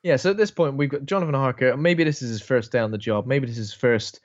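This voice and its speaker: A man's voice: mid-range voice, quick pace. A man with a British accent chatting casually about a film, joking around. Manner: joking, puts on silly voices for characters. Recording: dull lo-fi mic.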